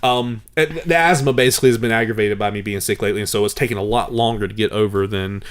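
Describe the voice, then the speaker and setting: A man's voice: fairly low pitch, fast, smooth. A young man co-hosting a casual podcast, telling a rambling story with lots of restarts and acted-out quotes, a little wheezy from being sick. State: slightly wheezy from recent illness. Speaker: podcast co-host. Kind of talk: casual chat.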